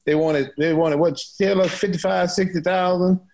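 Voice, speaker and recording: A man's voice: high voice, steady tone, normal speed, vocal fry, a little mellow. A man chatting as a podcast guest, plainspoken, laughing and repeating his words. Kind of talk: casual chat.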